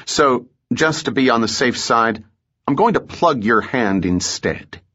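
A man voicing a calm, polite frontier detective with a dry, composed delivery, in a muffled audiobook recording. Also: mid-range voice, a little slow.

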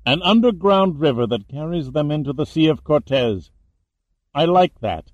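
A man voicing a menacing Peruvian male killer who speaks with icy calm. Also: fairly high pitch, normal speed, no echo, muffled recording, pitched above the performer's own voice, close to an everyday voice.

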